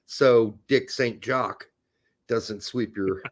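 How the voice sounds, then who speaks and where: A man's voice: mid-range voice, drawn-out words. A man hosting a casual live stream, joking and teasing his co-host.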